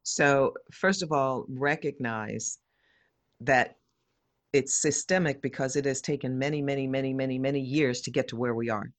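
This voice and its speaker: A woman's voice: rumbling low, no echo. A woman who works as a diversity educator, speaking as a guest and explaining in a direct, emphatic, coaching way. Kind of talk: conversational explaining.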